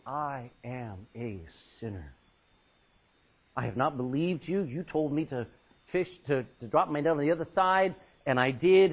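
A man's voice: fairly high pitch, phone-quality sound. A man preaching a sermon, acting out Bible scenes with laughs and sudden drops to a near-whisper. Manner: animated, acts out Bible scenes with laughs and dramatic drops in volume.

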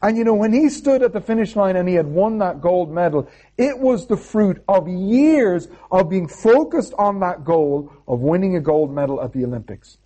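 A man's voice: high voice, animated, moderate pace, few pauses, mellow. A man preaching a sermon, telling a personal story in a chatty way and often checking in with "okay?". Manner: chatty, keeps adding "okay?".

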